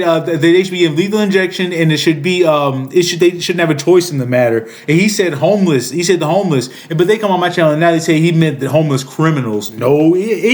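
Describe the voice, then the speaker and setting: A man in his thirties giving heated political commentary, profane, rambling and indignant. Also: high voice. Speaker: political commentary channel host.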